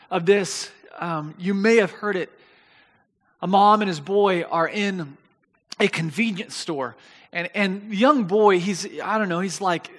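A high-voiced man preaches in a large, reverberant hall. He tells his story in an animated way, often stumbling over and repeating his words. At the big moments his voice climbs to near shouting. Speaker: pastor. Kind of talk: sermon with storytelling.

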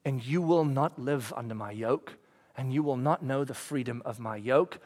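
A man preaching a sermon, telling stories with sudden shouted outbursts and dropping to hushed, intense tones on serious points. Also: normal speed. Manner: animated storytelling, acting out his own panicked inner voice with sudden shouts; drops to a low, hushed intensity on solemn points. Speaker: pastor.

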